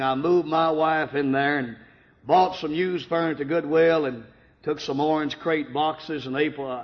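A man preaching his life testimony in a church, telling it with strong emotion and quoting dialogue. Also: a little high. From Michigan. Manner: emotional storytelling, rising to cries at peaks. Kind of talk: sermon testimony. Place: church sanctuary. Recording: dull lo-fi sound in a reverberant hall.

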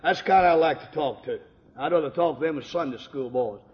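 A man's voice: a little high, brisk. Preacher man telling his testimony in a hall. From Michigan. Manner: emotional storytelling, rising to cries at peaks. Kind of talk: sermon testimony. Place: church sanctuary. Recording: dull lo-fi sound in a reverberant hall.

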